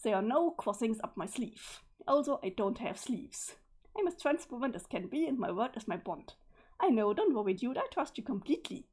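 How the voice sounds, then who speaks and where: A woman's voice: a little high, big pitch swings, normal speed, darkish tone, slightly rough. A woman voicing a scheming, sarcastic young female troll in a smug, teasing manner.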